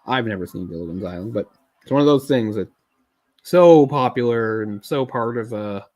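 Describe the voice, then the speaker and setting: A man feeling unwell offers casual live commentary on a film, his mid-range voice a little mellow and at normal speed. He keeps swallowing and rambles through chatty asides packed with fillers.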